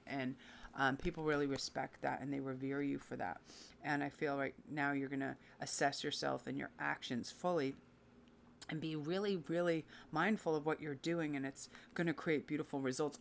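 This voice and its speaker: A woman's voice: deep voice, vocal fry, slight background noise. A woman giving a casual tarot reading to her viewers, chatty, enthusiastic and encouraging. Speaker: tarot reader.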